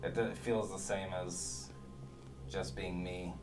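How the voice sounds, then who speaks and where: A man's voice: low voice, flat delivery, slow pace, over music, poor audio. Joking man at a game table. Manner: joking, offhand banter. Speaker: player. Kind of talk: casual tabletop game chat.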